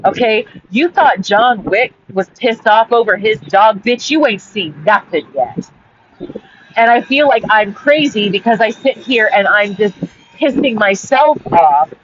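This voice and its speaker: A woman host telling a personal story in a heated, rambling monologue full of swearing. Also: fairly high pitch. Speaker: author and podcast host. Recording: dull audio with faint background hiss.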